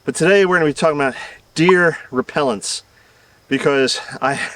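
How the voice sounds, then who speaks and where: A man's voice: a little high, normal speed, fairly bright tone, dry recording. A middle-aged man from the American South chats through his gardening video with a rambling, self-deprecating manner and chuckles. He is recorded outdoors in his garden. The camera mic sits a little away from him, so he sounds slightly distant. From Southern United States. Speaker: gardening channel host. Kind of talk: casual outdoor video talk.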